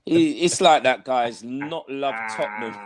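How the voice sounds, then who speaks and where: A young man co-hosting a football podcast, slangy and emphatic, repeating his points. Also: medium pitch. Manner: animated, slangy, emphatic repetition. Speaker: podcast co-host. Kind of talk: casual football banter.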